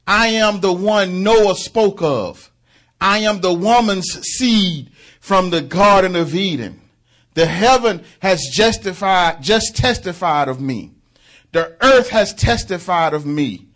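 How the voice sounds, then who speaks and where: A preacher voicing a commanding divine proclaimer. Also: male voice, high voice, animated, slow pace, a bit bright, pitched above the performer's own voice, heavily acted. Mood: proclaiming. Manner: proclaiming, declarative. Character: the Son of God, commanding male divine figure.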